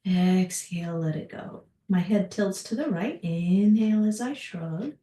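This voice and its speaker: A woman guides a Pilates mat class in a calm, encouraging way, cueing each breath and movement. Her voice is lowish and mellow. It sounds roomy, picked up from a little way off. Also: takes it slowly, long pauses. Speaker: Pilates instructor. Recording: roomy, from a distance.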